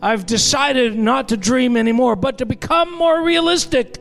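A man's voice: very high voice, normal speed, vocal fry, fairly bright tone, faint music behind. A man preaching a sermon in a conversational way, with joking asides to the congregation. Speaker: pastor.

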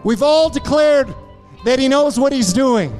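High-voiced fervent pastor, man. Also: animated, unhurried, a little mellow, faint music behind. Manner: fervent, repetitive exhortation. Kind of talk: sermon.

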